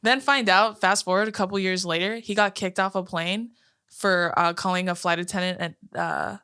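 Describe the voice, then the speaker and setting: A woman's voice: on the low side, fairly even intonation, moderate pace, bright, forceful tone, smooth. A woman in her twenties co-hosting a podcast, telling stories in casual chat and swearing freely. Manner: swears a lot, tells stories with quoted voices. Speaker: podcast co-host.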